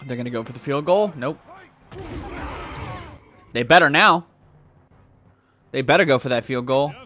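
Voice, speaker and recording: A young man commentating his own video game play, swearing and shouting at the game in bursts. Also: medium pitch, fast talker, soft background music. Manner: excitable, profane, yells at the game. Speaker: gaming YouTuber.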